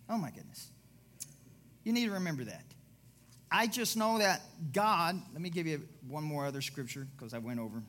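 A man's voice: on the high side, expressive, normal speed, a bit bright. A middle-aged man pastor preaching a sermon with a personal story, rambling and digressive, repeating himself for emphasis.

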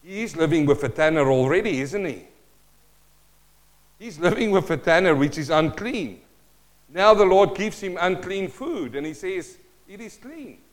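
Emphatic preacher man, fairly high voice. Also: lively intonation, normal speed. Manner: swings between loud emphatic reading and soft asides; thinks aloud, repeats words and restarts. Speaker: pastor. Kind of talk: sermon with scripture reading.

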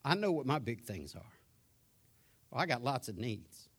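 Emphatic preaching man, loud then hushed. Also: medium pitch, sing-song, moderate pace, husky. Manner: swings from loud emphatic preaching to soft, subdued storytelling. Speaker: pastor. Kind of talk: sermon.

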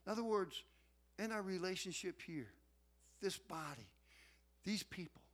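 A middle-aged man preaching a sermon to his congregation in a folksy, animated way. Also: high voice, a little slow. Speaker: pastor.

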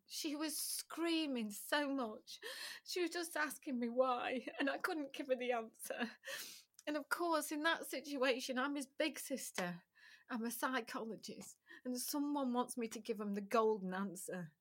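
A woman's voice: high-pitched, a bit bright. A middle-aged woman, a podcast guest, recounting a personal story candidly and emotionally, with frequent restarts and occasional swearing.

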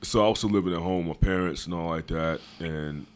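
Deep-voiced laid-back man. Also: fairly quick, clear, resonant tone. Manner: laid-back, slangy storyteller. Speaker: podcast host. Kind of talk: casual chat.

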